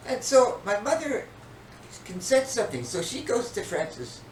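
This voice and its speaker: An older man and podcast co-host, telling a story in casual chat with an animated, dramatic manner. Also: high-pitched, normal speed. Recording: echoey room, distant mic, faint noise.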